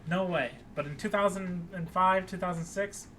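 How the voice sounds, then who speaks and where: A young man co-hosting a podcast, recapping a film in casual chat and acting out the characters' lines in an animated way. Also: sits high, moderate pace. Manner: animated, acts out quoted lines with raised voice. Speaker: podcast co-host.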